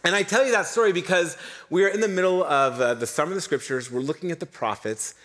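A young adult man preaching a sermon, telling a personal story with animated, self-deprecating humor and frequent fillers. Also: a little high, fast talker. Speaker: pastor.

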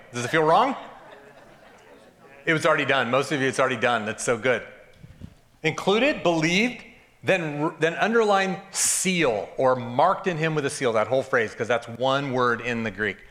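A man's voice: medium pitch, a bit bright. A man preaching a sermon to a congregation in church, joking and chatting informally as he teaches. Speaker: pastor. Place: church service before a congregation.

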